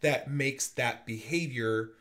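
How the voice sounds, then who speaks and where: A man's voice: mid-range voice, slow pace, fairly bright tone. A man co-hosting a podcast, talking things through in a thoughtful, reflective way, often restarting his sentences. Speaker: podcast co-host. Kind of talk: casual reflective discussion.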